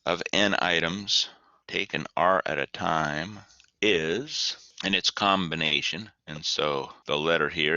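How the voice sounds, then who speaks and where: A man gives a casual math lecture in a very low but bright, forceful voice, full of folksy asides and play-acted exchanges with an imagined student. The recording is dull and lo-fi, with a dry, close sound. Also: dry recording. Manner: chatty, folksy asides, acts out student dialogue. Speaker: math teacher.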